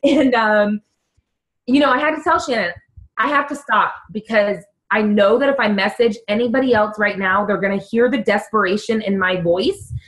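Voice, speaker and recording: A young adult woman coaching her team on a call, earnest and animated, with quick bursts and lots of "like". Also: medium pitch, low-quality recording. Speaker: fitness coach.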